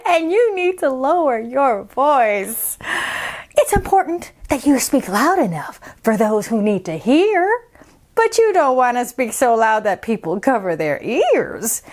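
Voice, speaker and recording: A patient, gentle teacher, as a woman reads her part. She speaks slowly and softly, in a calm, coaxing tone. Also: high-pitched, exaggerated voice. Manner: calm, soft-spoken, coaxing. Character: patient, gentle female schoolteacher.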